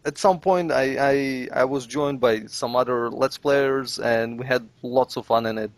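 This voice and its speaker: Podcast host, male, casual and animated, mid-pitched voice, dry close mic. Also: unhurried, dry recording. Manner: animated, swears casually, acts out quoted reactions.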